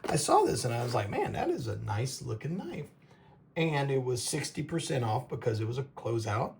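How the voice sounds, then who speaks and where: A man hosting a casual knife review, talking in a halting, rambling way and tripping over names. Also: mid-range voice, big pitch swings, creaky, slight background noise. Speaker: knife reviewer, show host.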